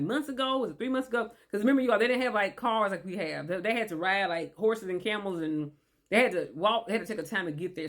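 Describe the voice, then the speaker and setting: A woman reading scripture aloud and commenting on it in a chatty, animated way, rephrasing often and talking directly to her listeners. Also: medium pitch. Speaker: Bible teacher. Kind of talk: casual Bible study commentary.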